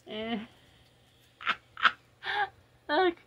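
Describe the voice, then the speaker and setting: Slow-talking woman with a husky, gravelly voice; chatty home unboxing host. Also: medium pitch, animated, highs cut off. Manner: chatty, giggly, talks straight to viewers. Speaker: unboxing vlogger. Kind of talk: casual unboxing chat. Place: home, early morning.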